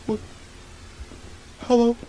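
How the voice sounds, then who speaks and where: A young man playing a horror game and commenting in a slangy, excitable way, yelling whenever he gets scared, with game music under his voice. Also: drawn-out words, heavy background noise. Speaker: gaming YouTuber.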